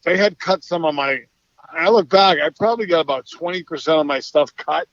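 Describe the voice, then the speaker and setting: A middle-aged man with a Boston accent, a guest actor telling stories in a relaxed, easygoing interview chat. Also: fairly high pitch, fairly quick, no room sound. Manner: easygoing, relaxed storytelling with soft laughs. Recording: slightly dull, dry podcast audio.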